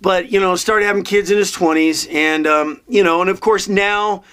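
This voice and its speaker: Rambling high-voiced man in his fifties. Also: steady tone, moderate pace, a bit bright, smooth. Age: 50s. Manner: meandering, with frequent restarts and fillers. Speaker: motivational vlogger. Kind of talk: rambling monologue.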